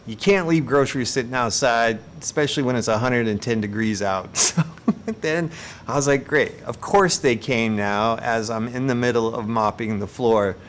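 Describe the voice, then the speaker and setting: A man hosting a live stream, telling everyday stories in a casual, animated, self-mocking way and laughing between lines. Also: medium pitch, normal speed, slight background noise.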